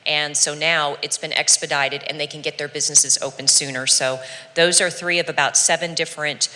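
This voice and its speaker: A woman's voice: low voice, level tone, brisk, sharp tone. A woman from the chamber of commerce giving a matter-of-fact legislative update, with frequent fillers, in a reverberant council chamber. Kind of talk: public update at a council meeting.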